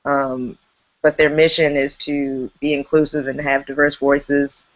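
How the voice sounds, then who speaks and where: A woman's voice: deep voice, level tone, measured pace, lo-fi sound. A woman who runs an improv theater, chatting casually and laughing on a video call.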